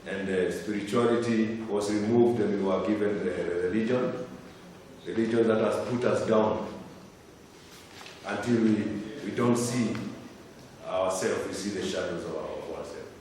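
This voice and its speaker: A man's voice: fairly low pitch, measured pace, darkish tone, slight background noise. Impassioned man chanting from far off. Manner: rhythmic, impassioned chanting recitation. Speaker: Rastafari elder reciting a poem. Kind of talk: spoken word poetry and chanting at a gathering. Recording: echoey hall from far off.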